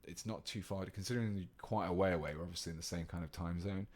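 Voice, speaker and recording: Painting live on stream, this British man chats with his viewers and reads out their comments in an easygoing, talkative way. His voice is low-pitched and he talks fast during the casual tutorial.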